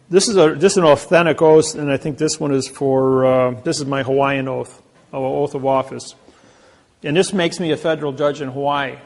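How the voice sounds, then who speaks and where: A man with a raised, gravelly voice addresses a live audience. He tells boastful stories, acting out the quotes of others as he goes. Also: fairly high pitch. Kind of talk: anecdotal lecture to a live audience.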